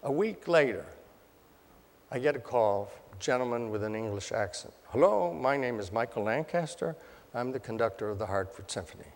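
A man's voice: mid-range voice, animated, moderate pace. Older man telling a wry story, hall reverb. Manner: self-deprecating, wry, acts out quoted voices. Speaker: speaker telling his story. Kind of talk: anecdotal storytelling talk. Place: hotel ballroom.

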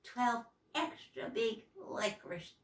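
Woman doing a raspy whispery storybook crone, slow and menacing, hulking, roomy echo, off-mic. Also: a little high, very animated, recorded from a distance. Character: hulking sinister witch-like woman in gray robes. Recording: echoey room, voice off-mic.

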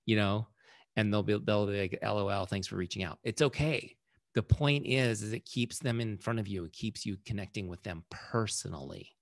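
A man's voice: fairly low pitch, moderate pace. A man leading a casual sales training session, telling a story and acting out quoted lines in a conversational way.

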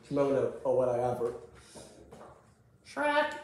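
Giggly, excitable guy in an echoey room. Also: medium pitch, a little slow, long pauses. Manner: excitable, giggly, jumps between topics. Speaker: vlogger. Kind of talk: casual rambling commentary.

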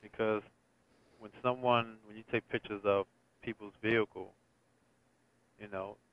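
A man's voice: on the low side, fairly even intonation, a little slow. A man working as a police detective on the phone, curt and dismissive toward the caller. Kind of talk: phone call. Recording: dry tinny phone line.

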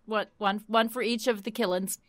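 A woman co-hosting a casual true-crime podcast, trading quick reactions and reading case facts in short bursts. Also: medium pitch, steady tone, no room sound, studio quality. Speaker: podcast co-host.

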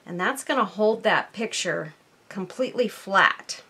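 Bright-voiced woman crafting at a workbench. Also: lowish voice, moderate pace, a little hiss or hum. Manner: chatty, thinks aloud while working. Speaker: crafting channel host. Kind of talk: casual crafting tutorial.

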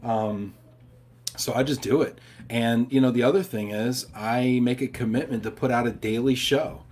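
A man's voice: mid-range voice, steady tone, normal speed, darkish tone. A man hosting a live stream from home, chatting casually and reading viewer questions, upbeat and talking straight to his audience. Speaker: host of a live show.

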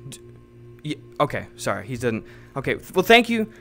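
A man streaming from home, improvising a comedy role-play in a halting, rambling way full of fillers. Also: mid-range voice, big pitch swings, a bit bright, faint music behind. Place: home streaming setup, playing in virtual reality.

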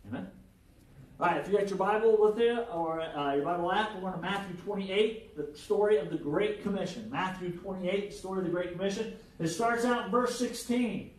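A pastor preaching a conversational sermon, animated and joking, checking in with the congregation with frequent "right?". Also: male voice, high-pitched, brisk. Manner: animated, jokes and acted-out quotes. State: jet lagged. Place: church hall with congregation. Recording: echoey hall, mic at a distance.

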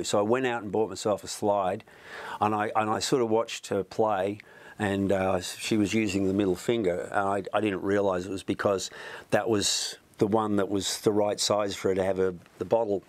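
A middle-aged musician telling rambling stories in an interview, full of restarts and asides. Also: male voice, fairly low pitch, fairly even intonation, fairly quick, no echo. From Australia. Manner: rambling, chatty, many restarts. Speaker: musician guest. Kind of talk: storytelling in an interview. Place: music studio.

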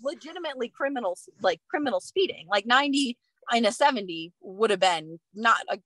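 A woman guest on a podcast, telling a story in a casual, animated way with plenty of swearing. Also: fairly high pitch, brisk, dry recording. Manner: animated and expressive, swears freely. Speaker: guest, professional runner.

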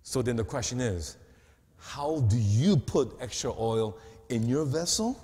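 Brief: male preacher, slow deliberate delivery, big pitch swings, asks the room questions. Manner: animated preaching, swinging from loud to hushed; asks the audience rhetorical questions. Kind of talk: sermon. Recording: long hall reverb.

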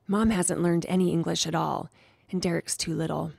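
A shy schoolgirl speaks in a soft, hushed whisper, voiced by a woman reading a storybook. The sound is dry and close, with a slight gravelly texture. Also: on the low side, fairly even intonation, moderate pace, no room sound, exaggerated voice.

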